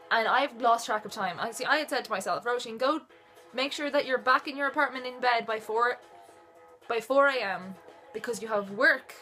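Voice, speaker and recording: A young woman telling a story to camera, chatty and rambling, with dry little asides. Her voice sits a touch high and bright, with faint music playing behind her. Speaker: vlogger. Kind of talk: casual storytelling.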